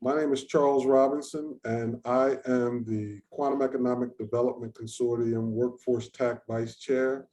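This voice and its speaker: A man's voice: medium pitch, steady tone, moderate pace, hardly any pauses, warm tone. A man moderating an online session over a video call, talking in an informal, chatty way. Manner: informal, chatty, thinking aloud. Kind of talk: hosting an online research session.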